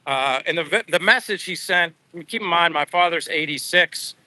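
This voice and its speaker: Bright-toned middle-aged man, emotional rambling. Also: on the high side, normal speed, no room sound. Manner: emotional, rambling, with many restarts. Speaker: vlogger. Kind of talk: casual live-stream storytelling.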